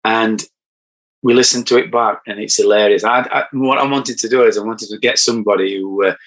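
A man's voice: fairly low pitch, steady tone, brisk, fairly bright tone, low-quality recording. A middle-aged man with a northern English accent, chatting on a podcast and telling anecdotes with chuckles. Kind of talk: casual podcast chat.

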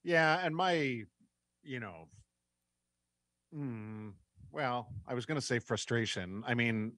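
A man hosting a casual sports talk show, quick and wry and prone to tangents. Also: medium pitch, a bit bright, dry recording, studio quality. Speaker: sports podcast host.

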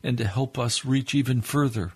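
A man's voice: medium pitch, normal speed, breathy edge. A man preaching on a radio broadcast, leading a fervent, pleading prayer that swells and drops. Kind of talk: sermon prayer.

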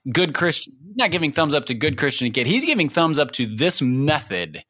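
A man co-hosting a casual podcast chat, wry and joking with quick asides. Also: a little high, sing-song, fairly bright tone, no echo, clean studio sound. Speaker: podcast co-host.

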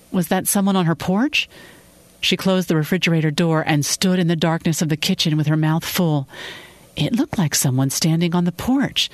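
A narrator reading a fiction episode in calm, steady storytelling. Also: medium pitch, no echo.

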